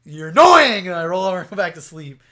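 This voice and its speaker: A young man co-hosting a casual podcast, excitable and swearing freely, trailing off into fillers. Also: fairly high pitch, rapid-fire. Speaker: podcast co-host. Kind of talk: casual chat.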